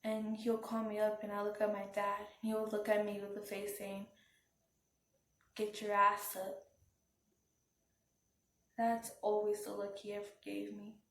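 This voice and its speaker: A woman telling a personal story as a vlogger, speaking in a halting, subdued way with frequent restarts. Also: medium pitch, completely flat delivery, darkish tone. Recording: roomy, from some distance off the mic.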